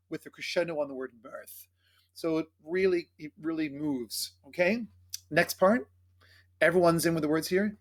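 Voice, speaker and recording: A man's voice: a little high, expressive. A man teaching choir singers the words and phrasing of a carol, explaining pronunciation and singing short phrases to demonstrate. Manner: coaching diction, speaking then singing phrases slowly. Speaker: choir director. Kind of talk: choral rehearsal instruction with sung demonstrations.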